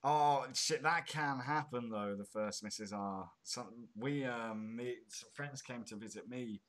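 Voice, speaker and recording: A man's voice: medium pitch, measured pace, a bit bright. A man from the UK hosting a casual chat, rambling through tangents with chuckling asides. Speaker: host. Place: home in Spain.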